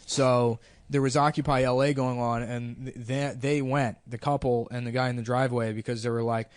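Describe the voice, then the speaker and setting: A man's voice: mid-range voice, flat delivery, moderate pace, clean tone, no echo. A man in his twenties, a podcast host, telling a rambling anecdote with lots of fillers. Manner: rambling, filler-heavy anecdote with quoted voices. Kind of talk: casual storytelling chat.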